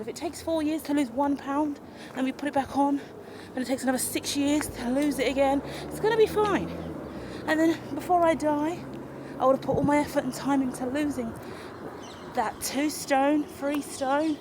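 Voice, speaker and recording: A woman, rambling through an unscripted walk-and-talk vlog outdoors, animated and self-mocking. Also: sits high, normal speed, noisy background. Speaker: vlogger. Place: outdoors in a park or woodland. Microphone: handheld camera while walking.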